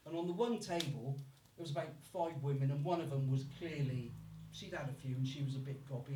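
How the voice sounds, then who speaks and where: Brummie stand-up comic in an echoey club. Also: male voice, mid-range voice, background noise. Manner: swears freely, puts on voices for accents. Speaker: stand-up comedian. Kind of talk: stand-up comedy set. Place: live comedy club. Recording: echoey room from far off.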